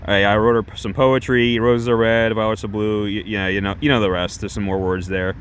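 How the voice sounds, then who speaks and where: A man's voice: on the low side, flat delivery, brisk, slight background noise. A man streaming live, chatting casually in a rambling, self-conscious way with many restarts. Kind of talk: casual livestream chat.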